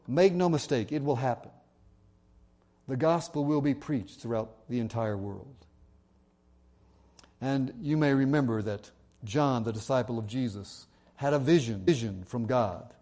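A man delivering a sermon in a warm, mellow voice at a middle pitch. He preaches earnestly, slows down to read scripture aloud, and now and then drops in a self-deprecating aside. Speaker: pastor.

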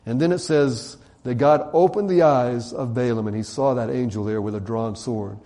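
A man's voice: medium pitch, moderate pace. A man telling a story as a sermon in a conversational way, acting out the quotes with fillers and asides. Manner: conversational, animated retelling with voiced quotes and fillers. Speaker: preacher.

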